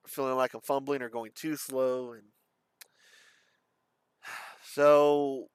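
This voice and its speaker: A young man talking in a casual vlog monologue, rambling and halting, with a slight lisp or slur in his speech. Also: medium pitch, fairly bright tone, smooth, no room sound. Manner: rambling, halting, self-described stutter. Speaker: streamer.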